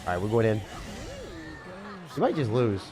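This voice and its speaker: A young man giving casual, excitable gameplay commentary, often breaking into disbelief and calling the listener dude or bro. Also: fairly low pitch, normal speed, over music. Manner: excitable, frequent disbelief outbursts, calls viewers dude and bro. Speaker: gaming creator.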